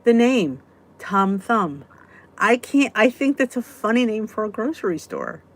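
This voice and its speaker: A woman's voice: fairly high pitch, very animated, a little slow. A woman hosting a casual live weight-loss chat, answering viewer comments in a chatty, giggly way. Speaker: weight-loss vlog host.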